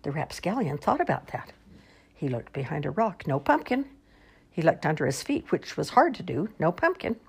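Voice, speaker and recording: Expressive husky woman reading a picture book. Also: low voice, fairly quick. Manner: sing-song rhyming, expressive. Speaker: storyteller.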